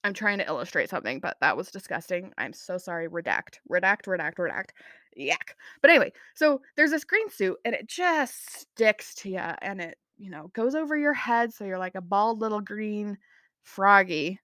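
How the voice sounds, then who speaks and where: A young woman hosts her podcast in loose, rambling chat, poking fun at herself as she drifts off track. Her voice sits at an ordinary middle pitch. The sound is dry and close, with no room around it. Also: animated, normal speed, a bit bright, no room sound. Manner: rambling, chatty, self-mocking. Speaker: podcast host. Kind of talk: casual chat.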